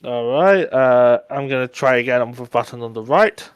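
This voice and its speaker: Smooth-voiced man playing a tabletop game. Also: mid-range voice, moderate pace, dry recording. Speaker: player.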